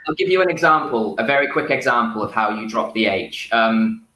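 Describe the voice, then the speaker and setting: A man explains things patiently and backs each point with an example. His voice is bright and forward, and it rings with noticeable room echo. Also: lowish voice, lively intonation, a little fast. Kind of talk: casual explaining chat. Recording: roomy echo.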